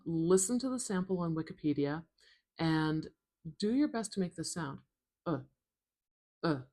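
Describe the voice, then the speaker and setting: Woman, phonetics teacher, low voice, unhurried, patient repetition. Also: a little mellow. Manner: patient, repeats sounds slowly. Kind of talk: slow soft-spoken tutorial.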